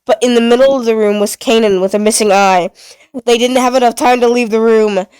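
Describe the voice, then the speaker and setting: A woman narrating a story in a steady, plain reading voice. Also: on the high side, a little fast, clear, resonant tone, no room sound.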